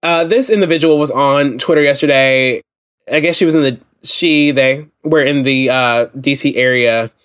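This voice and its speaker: A man's voice: medium pitch, normal speed, a bit bright, smooth. A young man hosting a solo podcast, ranting in a blunt, impassioned and profane way. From United States. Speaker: podcast host.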